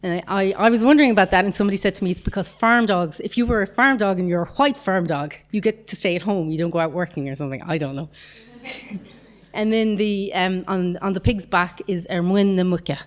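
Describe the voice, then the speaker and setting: A woman's voice: medium pitch, fast. A woman giving a conference talk, patiently explaining grammar with examples and the odd light chuckle. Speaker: conference speaker.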